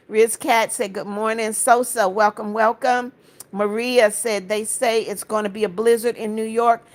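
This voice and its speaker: Woman from Florida, livestream host, reads comments aloud, friendly replies, slightly high voice. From Florida, United States. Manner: reads viewer comments aloud and answers each one; friendly greetings and blessings to viewers. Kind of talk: casual livestream chat.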